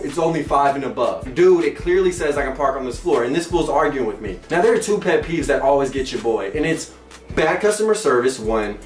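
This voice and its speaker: A young man hosting his own show, telling a funny personal story with animated, squeaky outbursts and playful voices. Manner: animated, breaks into squeaky exclamations and mock singing. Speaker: comedic storyteller host. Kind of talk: comedic storytelling vlog. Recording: echoey room, mic at a distance.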